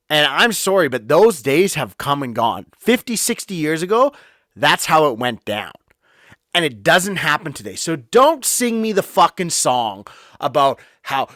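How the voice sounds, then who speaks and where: A man's voice: high voice, very animated, a little slow, a bit bright, no echo, studio quality. A man hosting his own podcast, talking bluntly and heatedly in a casual monologue from a home office, swearing as he goes. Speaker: podcast host.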